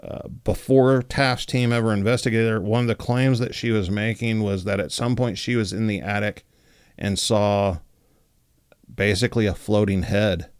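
Low-voiced man telling a story casually. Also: moderate pace, clean tone, no room sound, studio quality. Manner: relaxed, many fillers like 'like' and 'you know'. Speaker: podcast host.

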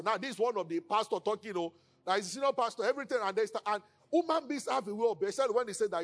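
A man with a Nigerian accent preaching a sermon as pastor, animated and acting out quoted speakers in hushed tones. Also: high-pitched, fast.

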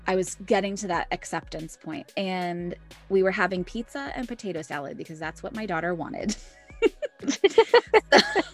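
A woman in her thirties talks openly as a podcast co-host, her voice sitting on the lower side. She tells personal stories in a candid, chatty way and laughs often. Faint music plays underneath. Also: big pitch swings, normal speed. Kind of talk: casual chat, personal storytelling.

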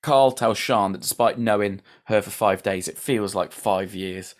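A man's voice: on the low side, a little slow. A man hosting a podcast, recapping a TV episode in sweary, laughing casual chat. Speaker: podcast host.

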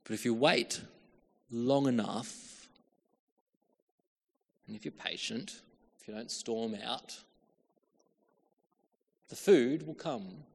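Preacher in a reverberant hall. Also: male voice, mid-range voice, slow pace, gravelly, pauses often, husky. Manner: storytelling with acted-out quotes, shifts from hushed to calling out. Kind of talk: sermon.

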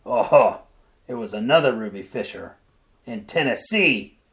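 A man voicing a gruff, explosive backwoods husband while reading a short story aloud, talking in loud, blustering bursts. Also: medium pitch, normal speed, lightly acted.

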